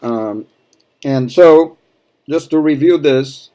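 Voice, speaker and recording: In this language lesson, a native Portuguese speaker from Rio de Janeiro teaches Portuguese in English, with a Brazilian accent. His mid-range, mellow voice moves at a measured pace as he patiently repeats words for practice.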